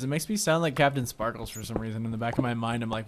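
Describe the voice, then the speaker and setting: A man's voice: mid-range voice, fairly even intonation, fast. A young man telling rambling stories while commenting on a video game he is playing, with lots of fillers. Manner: rambling storytelling with many fillers. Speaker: let's play commentator. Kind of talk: casual gameplay commentary. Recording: home recording with audible background noise. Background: clicking sounds.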